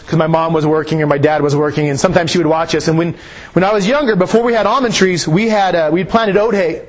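A man preaching a sermon, slow and emphatic, his voice rising on key phrases. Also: sits high. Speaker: pastor.

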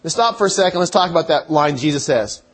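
A man's voice: fairly high pitch, expressive, fast, husky. A man preaching a sermon in a conversational way, thinking aloud and restarting his phrases.

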